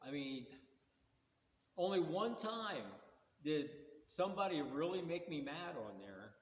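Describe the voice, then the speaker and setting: A man in his sixties tells car stories in a casual, rambling, folksy way, with a voice pitched a little higher than most men's. The recording is roomy, and a long reverb trails behind his words. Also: animated, a little slow. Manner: rambling, folksy, plain-spoken. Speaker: car vlogger. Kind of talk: casual storytelling.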